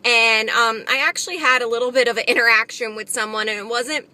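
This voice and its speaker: Bright, high-voiced woman vlogging earnestly. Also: fairly even intonation, fairly quick. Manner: earnest and encouraging, full of "just" and "you know". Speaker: Christian vlogger. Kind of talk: casual devotional vlog. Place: in a car while driving. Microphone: phone camera.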